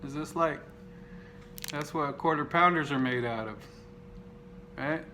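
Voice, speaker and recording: A man hosting a casual unboxing vlog, cracking crude, profane jokes with deadpan self-mockery. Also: a little high, a little slow, a little hiss or hum. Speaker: video host.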